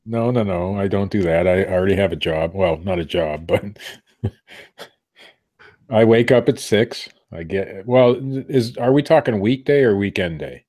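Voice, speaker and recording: A man's voice: low-pitched, measured pace, a little mellow. A middle-aged man co-hosting a podcast from a room at home, chatting casually and rambling, often cutting himself off mid-sentence. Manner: rambling, self-interrupting. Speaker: podcast co-host. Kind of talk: casual chat.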